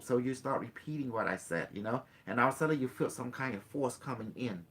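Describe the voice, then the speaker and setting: A man's voice: mid-range voice, fast, hardly any pauses, a bit bright. A man working as a spiritual guide, talking the listener through a guided session step by step. He speaks in loose, repetitive phrasing full of fillers and keeps checking in with his listener. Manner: talks straight to the listener, often checking in.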